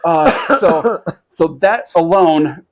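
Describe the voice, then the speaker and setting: Gravelly-voiced man telling a rambling story. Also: high voice, background noise. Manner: rambling, halting with many fillers, animated when quoting others. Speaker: podcast co-host. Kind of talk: casual storytelling chat.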